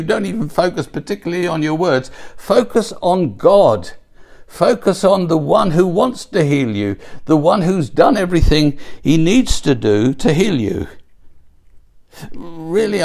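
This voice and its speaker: A man's voice: high-pitched, creaky, darkish tone. A man preaching a sermon, emphatic and exhorting, driving home his points through repetition. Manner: emphatic, exhorting with repeated phrases.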